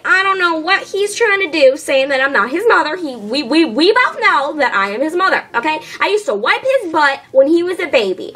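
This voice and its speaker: A woman voicing a loud, dramatic mother who talks sassily in a doll series. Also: high voice, full character voice. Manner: loud and theatrical, with a sassy catchphrase.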